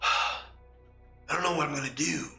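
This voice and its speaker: A man's voice: a little high, measured pace, creaky, bright, forceful tone, echoey room, soft background music, exaggerated voice. A man voicing a flustered, indecisive male tabletop player who hesitates and fumbles with fillers. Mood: dithering.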